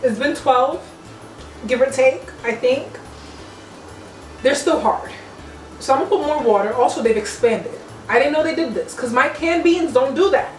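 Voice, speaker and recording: Young woman rambling while she cooks, kinda high voice, roomy echoey kitchen. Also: animated, moderate pace, pauses often. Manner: chatty, playful, slangy, talks to viewers. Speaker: cooking vlogger. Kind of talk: casual cooking vlog. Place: home kitchen. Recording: echoey kitchen, mic at a distance. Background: music playing.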